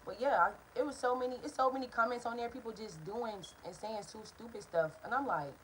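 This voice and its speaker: A young woman tells a story for her vlog at a quick clip. She is talkative and rambling, blunt and profane, and keeps drifting off topic. She talks straight to her viewers in a casual way. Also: a little high, fairly bright tone, slight background noise, low-quality recording. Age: young adult. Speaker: vlogger.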